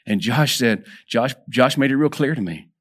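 Man, sermon to men, conversational preaching, repeats words, calls for amens, swings from loud to hushed. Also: animated, moderate pace. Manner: builds in pitch and volume when exhorting, drops soft and low for prayers. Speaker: preacher at a men's gathering.

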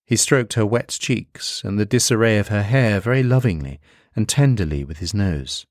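A man reading a literary story aloud in slow, measured scripted narration. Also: lowish voice, dry recording, clean studio sound.

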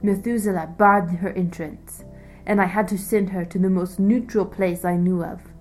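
In a storybook reading, a woman with a mid-range, fairly even, slightly mellow voice plays a wary, defensive male servant addressing his king. She speaks at a moderate pace and sounds close to everyday speech, with faint music in the background.

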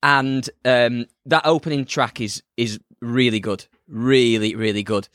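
A man's voice: mid-range voice, steady tone, unhurried, fairly bright tone, no room sound, clean studio sound. A man co-hosting a music podcast, hesitant in his phrasing and wryly blunt in his opinions. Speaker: podcast co-host. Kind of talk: casual chat about music.

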